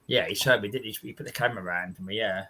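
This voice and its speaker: A man's voice: on the low side, racing, pushed and bright, breathy edge. A man with a London accent hosting a casual livestream chat from home, rambling and repeating himself. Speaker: livestream host.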